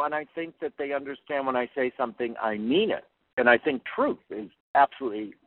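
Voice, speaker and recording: A man's voice: medium pitch, no room sound. Give me an earnest older man coaching skaters, heard over a thin phone line. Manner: earnest and plainspoken, repeats words as he thinks. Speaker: figure skating coach. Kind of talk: interview answers. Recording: tinny phone-line sound, dry.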